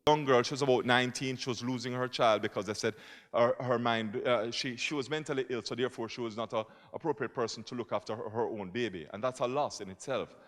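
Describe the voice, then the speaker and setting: A man, a poet and lawyer, giving a public talk at a conference and moving between quiet asides and emphatic points. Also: medium pitch, quick pace. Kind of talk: public speaking. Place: conference hall. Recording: reverberant hall.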